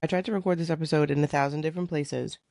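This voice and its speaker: Woman host, candid chatty delivery, mellow low voice, dry close mic. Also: fairly even intonation, very fast, creaky, no echo. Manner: chatty, candid, swears freely. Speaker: podcast host. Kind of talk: casual chat. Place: her living room at home. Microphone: studio microphone.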